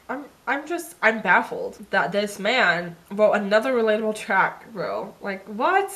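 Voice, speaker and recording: A woman's voice: medium pitch, lively intonation, moderate pace, hardly any pauses. A young woman chatting candidly as a music reaction vlogger, swearing freely. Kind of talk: casual reaction commentary. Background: faint music.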